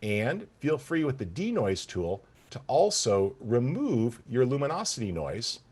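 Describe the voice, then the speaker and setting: A man teaching photo-editing software in an enthusiastic, conversational tutorial, talking straight to the viewers. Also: mid-range voice, big pitch swings, a little slow, slightly rough. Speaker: software instructor. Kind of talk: screen-recorded software tutorial.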